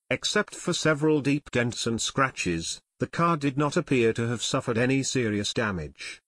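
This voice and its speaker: A man narrating an unabridged audiobook, telling the story with expressive suspense. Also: mid-range voice, normal speed, hardly any pauses, dry recording, clean studio sound.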